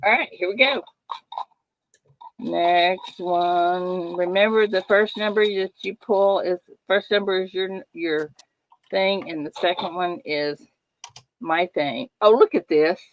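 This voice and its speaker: Slow, low-pitched playful woman host. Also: poor audio. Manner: playful, sing-song showman patter. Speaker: host of a live coin giveaway show. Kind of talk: casual live-stream chat.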